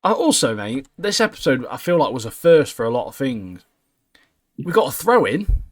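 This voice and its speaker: A man co-hosting a podcast, talking excitedly and laughing often. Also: mid-range voice, normal speed, no echo, studio quality. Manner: excitable, laughs a lot, says "mate" constantly. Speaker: podcast co-host. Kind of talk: casual chat.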